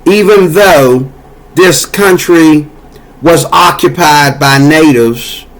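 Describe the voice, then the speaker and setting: A man with a notably high-pitched voice launches into an angry political rant. He scolds and curses freely, his tone heated and confrontational throughout. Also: slow pace, fairly bright tone. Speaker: political commentator. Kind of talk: angry monologue.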